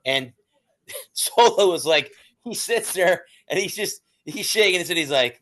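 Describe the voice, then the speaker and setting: A man's voice: high voice, expressive, normal speed, fairly bright tone. A man co-hosting a casual sports podcast, rambling and restarting his sentences as he talks. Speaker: podcast co-host.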